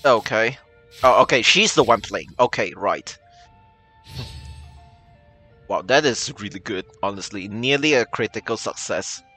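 A man streaming himself reacting to a game live, wildly expressive, with laughing asides and squealing outbursts. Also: lowish voice, normal speed, husky, soft background music.

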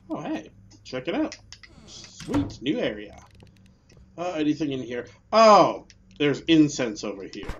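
A man giving let's play commentary on a horror game, swinging between muttered grumbles and angry yelled curses. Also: medium pitch, muffled recording, slight background noise. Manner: swings from mutters and whispers to angry shouting, swears a lot. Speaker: gaming video host.

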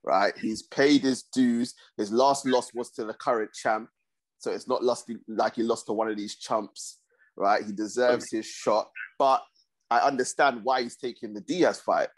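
A man hosting a casual sports podcast, talking in a steady, measured way. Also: mid-range voice. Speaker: podcast host.

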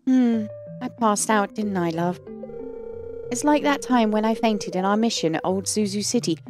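A woman reading the lines of a frail older wife in a farming game, soft and apologetic. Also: medium pitch, normal speed, music in the background, natural voice. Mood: wistful. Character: older woman villager, frail and self-effacing.

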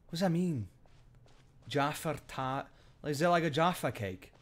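A man's voice: a little high, unhurried, long pauses. A man chatting casually while streaming a video game, thanking viewers and muttering asides. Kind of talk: live game commentary.

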